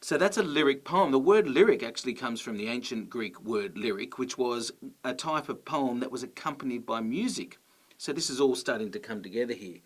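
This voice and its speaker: A man, explaining poetry in a relaxed, friendly teaching style with casual fillers. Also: medium pitch, fairly quick. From Australia. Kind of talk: educational explainer.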